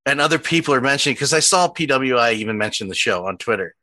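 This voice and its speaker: A man with a Philadelphia accent hosts a casual podcast in a bright, mid-pitched voice. He is chatty and laughs easily, and his questions wander on. His voice sounds close and dry. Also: expressive, fast, no echo. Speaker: podcast host.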